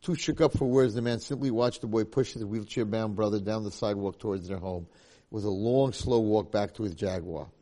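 A man's voice: on the low side, brisk, dark tone. A man teaching a religious lecture, telling a moral story and repeating key points for emphasis. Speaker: Torah teacher.

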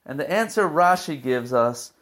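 A man's voice: fairly high pitch, lively intonation, moderate pace, a bit bright. Earnest man teaching scripture. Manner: earnest storytelling, emotional. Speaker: Torah teacher. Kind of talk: weekly Torah portion talk.

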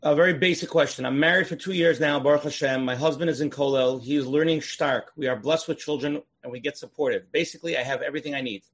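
A man's voice: a little high, breathy edge. A man moderating a question session on a video call, casual, with uh and um fillers. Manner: quick, with uh and um fillers.

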